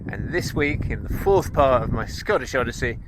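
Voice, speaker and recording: A man's voice: mid-range voice, expressive, moderate pace. A man hosting a travel and cycling vlog, talking casually to camera outdoors in the countryside, chatty with wry jokey asides, sometimes while riding a bike. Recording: noisy outdoor recording. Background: outdoor background noise.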